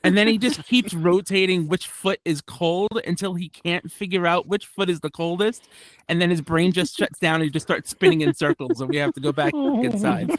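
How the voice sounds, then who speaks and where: A man from New telling stand-up stories on a club stage, with a fairly high voice. He rambles along, breaks off and restarts, and pokes fun at himself. The sound is dry and close. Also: animated, moderate pace, no room sound. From United States. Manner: rambling, self-deprecating, many restarts and asides. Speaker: stand-up comedian. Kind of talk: stand-up comedy set.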